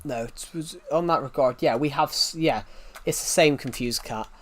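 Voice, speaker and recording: Young British man, twenties, casual stream chat, rambling restarts, middle pitch. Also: normal speed. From United Kingdom. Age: 20s. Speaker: live streamer.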